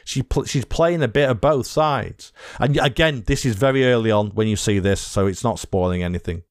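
A man's voice: medium pitch, normal speed, dry recording, clean studio sound. A British man co-hosting a podcast, chatting casually about films, swearing freely and rambling with restarts. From Britain. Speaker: podcast co-host. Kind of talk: casual film chat.

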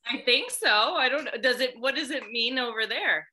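A woman co-hosting a podcast, playful and animated in casual chat. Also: on the high side, normal speed. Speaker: podcast co-host.

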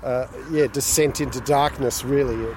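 Man, mid-pitched, hesitant film chat recorded outdoors, traffic noise behind. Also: fairly even intonation, moderate pace, a little mellow. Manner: musing, hesitant, many restarts. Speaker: film discussion co-host. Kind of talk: casual chat while walking. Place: city street outdoors. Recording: street noise from passing traffic.

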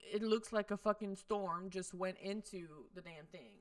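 A woman's voice: medium pitch, steady tone, normal speed, smooth. Exasperated woman podcast co-host. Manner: profane, exasperated, mimics characters. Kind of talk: casual chat recapping a show.

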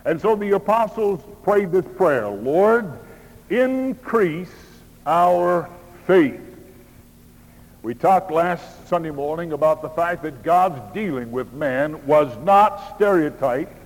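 A pastor preaching a Sunday morning sermon in slow, measured phrases with emphatic pauses. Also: male voice, on the high side. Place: church auditorium. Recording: long hall reverb.

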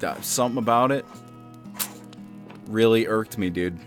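A man's voice: lowish voice, moderate pace, soft background music. A man co-hosting a casual chat, laid-back and wry. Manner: laid-back, wry, says "dude" a lot.

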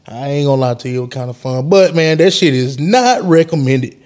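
A young man hosting a podcast and telling a story in casual chat, animated and profane, his voice jumping up when he quotes himself. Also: medium pitch, a little fast. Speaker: podcast host.

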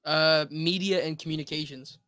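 A man's voice: on the high side, steady tone, moderate pace, bright, forceful tone, no room sound. A man in his twenties as a podcast guest, laid-back with crude humor. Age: 20s. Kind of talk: casual podcast interview.

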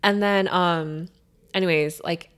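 A woman's voice: fairly low pitch, fairly even intonation, slow pace, a bit bright, clear, resonant tone. A young woman telling a story in casual chat, rambling with many filler words.

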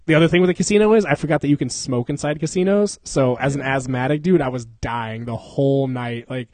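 A man's voice: medium pitch, fairly quick, darkish tone, no room sound. Profane, laughing man telling stories. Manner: profane, laughs often, acts out people in the story. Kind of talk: casual storytelling chat.

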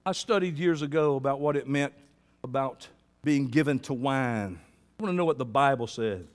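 A man preaching a sermon as pastor, folksy and impassioned, rising to loud fervent peaks and dropping to quiet intensity. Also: mid-range voice, moderate pace, in a large hall. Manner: folksy colloquial speech with rhetorical questions to the congregation.

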